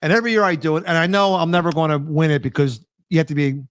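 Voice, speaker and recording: A man co-hosting a casual chat, telling stories with lively acted-out bits. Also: on the high side, rapid-fire, smooth, no echo. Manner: animated storyteller, acts out scenes and sound effects. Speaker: podcast co-host.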